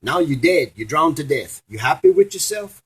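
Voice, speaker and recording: A man voicing a mocking Saint Peter who scolds a dead man at heaven's gates, his voice husky. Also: fairly high pitch, wildly swooping pitch, normal speed, pitched above the performer's own voice, heavily acted. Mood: mocking scolding. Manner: taunting, scolding.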